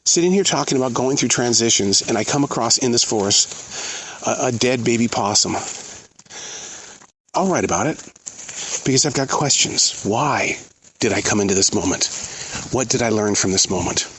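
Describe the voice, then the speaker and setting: A man hosting a podcast, speaking his thoughts out loud while outdoors in a forest, earnest and given to pauses and repeats. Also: mid-range voice, a little hiss or hum. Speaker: podcast host. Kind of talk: reflective outdoor monologue.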